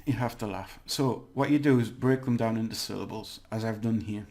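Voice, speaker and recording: A man's voice: on the low side, brisk, darkish tone. A man giving a casual video language lesson, chatty, exaggerating words to demonstrate them and laughing at his own slips. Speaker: language teacher.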